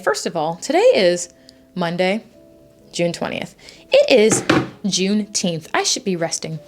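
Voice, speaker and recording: A woman's voice: lowish voice, huge pitch swings, heavy background noise. Chatty, stressed woman vlogger in her twenties. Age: 20s. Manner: chatty, fast and emotional, with rising outbursts. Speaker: YouTube vlogger. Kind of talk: casual vlog talk to camera.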